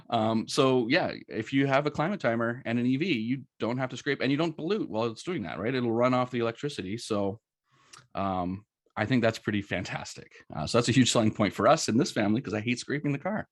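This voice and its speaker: A man's voice: mid-range voice, brisk, no room sound, studio quality. A middle-aged man from Canada giving a casual, chatty presentation full of ums and asides. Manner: chatty, anecdotal, many ums and rights.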